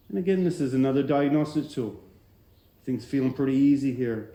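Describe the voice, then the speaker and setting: A man wearing a headset mic who calmly guides a student through a breathing and relaxation drill, letting his phrases trail off softly. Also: fairly high pitch, moderate pace. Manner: calm, steady instruction with soft trailing ends. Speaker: martial arts instructor. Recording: roomy echo.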